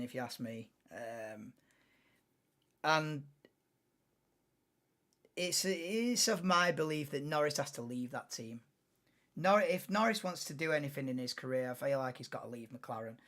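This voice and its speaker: A man's voice: on the high side, a bit bright. A man hosting a live race watchalong, talking casually and rambling with many fillers and restarts. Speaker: livestream host.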